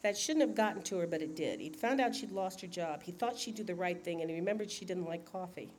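A woman's voice: fairly low pitch, fast talker, a little mellow, slight background noise. Woman casually reading a novel aloud. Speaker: narrator. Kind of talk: audiobook reading.

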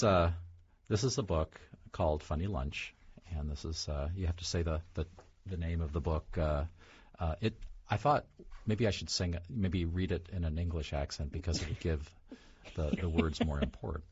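A low, very husky male voice that talks slowly and haltingly as an author guest in an interview. The sound is dull and lo-fi, and his voice is rough and breathy throughout. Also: a little mellow, no room sound. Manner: hesitant, many fillers and restarts. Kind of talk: casual interview talk.

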